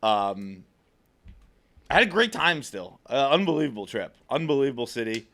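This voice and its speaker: A man spins a rambling story in a relaxed podcast chat, stopping and restarting his sentences and breaking into laughter often. His pitch swings widely as he goes. His voice is bright and forward. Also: moderate pace. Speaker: podcast co-host telling a story. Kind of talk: casual chat.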